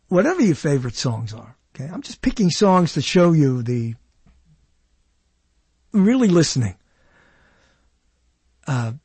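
Podcast host, male, husky voice, lively delivery, dry close sound. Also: a little high, no echo. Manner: animated, explains while humming along. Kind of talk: casual talk about songs.

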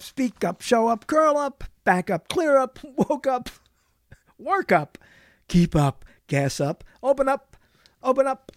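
A man's voice: very high-pitched, dry recording. A man hosting a radio talk show in a studio, rambling playfully from one bit of wordplay to the next with chuckles.

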